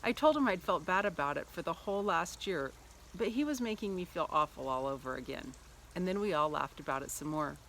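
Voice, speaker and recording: Middle-aged woman doing a devotional story at church, lively, acts out the quotes, bit of faint noise. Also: fairly low pitch, fairly quick.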